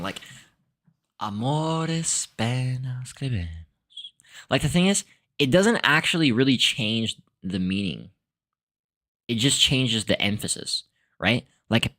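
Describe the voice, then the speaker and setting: A man's voice: fairly low pitch, fairly bright tone. A young man giving a casual, rambling solo talk as a podcast host, full of fillers, restarts and laughs. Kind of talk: casual monologue on language and philosophy.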